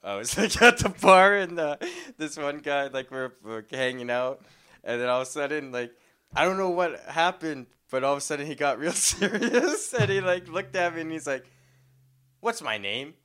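A man's voice: fairly high pitch, animated, normal speed, pushed and bright, smooth. A young man, a podcast co-host, telling stories in casual chat, laughing often and acting out what people said. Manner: laughs often, acts out quotes.

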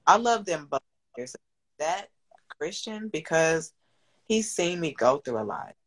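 A woman's voice: on the low side, lively intonation, slow pace, fairly bright tone, poor audio. A woman in her thirties, a business owner and single mother, talking candidly and at length as a guest, swearing freely and getting emotional. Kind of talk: candid podcast conversation.

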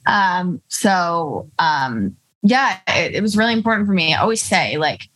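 A woman's voice: lowish voice, big pitch swings, measured pace, a bit bright, rough recording. A young woman, a musician being interviewed, telling stories in casual chat full of "like" and quoted asides. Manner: bubbly, storytelling with lots of "like" and quoted asides. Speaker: musician guest.

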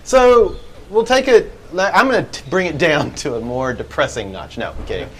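A man's voice: fairly high pitch, animated, normal speed, fairly bright tone, a little hiss or hum, low-quality recording. A man co-hosting a live podcast, telling a story in a laughing, goofy way. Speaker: podcast co-host. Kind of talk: casual live podcast chat. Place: live event venue.

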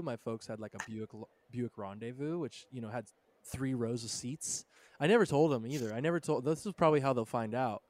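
A man in his thirties co-hosts a podcast, his voice sitting at an everyday middle pitch. He tells a road story in a relaxed, rambling way, dropping "dude" and "bro" as he goes. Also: fast talker, dry recording. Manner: laid-back storyteller, lots of "dude" and "bro". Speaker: podcast co-host. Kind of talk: casual chat.

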